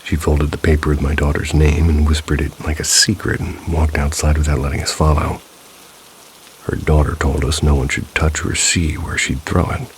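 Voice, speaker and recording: Very deep, gravelly male storyteller. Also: level tone, normal speed, a little hiss or hum. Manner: dry, wry asides. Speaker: storyteller reading viewer stories. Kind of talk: scripted narration.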